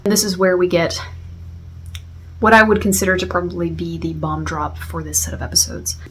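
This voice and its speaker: A woman with a lowish, husky voice gives a casual spoken review. She is reflective and unhurried, restarting sentences and filling pauses with "uh" and "um" as she thinks aloud. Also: flat delivery, a bit bright. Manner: reflective, frequent fillers and restarts. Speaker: video essayist.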